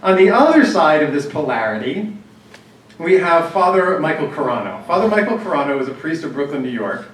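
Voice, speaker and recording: This church-planning workshop speaker talks to a live audience in a very animated, brisk manner, his voice on the high side and a bit bright. Conversational in tone, he tells anecdotes and runs an exercise, with many fillers and restarts, picked up by a distant mic in an echoey hall with faint ambience.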